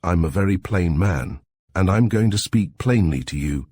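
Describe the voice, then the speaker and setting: A man voicing a pushy, ingratiating middle-aged crook who talks loud and emphatic. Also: low-pitched, lively intonation, normal speed, no echo, studio quality. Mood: wheedling.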